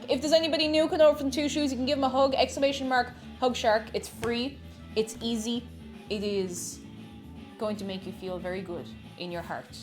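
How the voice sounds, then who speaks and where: A woman's voice: on the high side, a little mellow. A woman, a variety streamer chatting casually with her chat while she bakes, greeting viewers by name and laughing often.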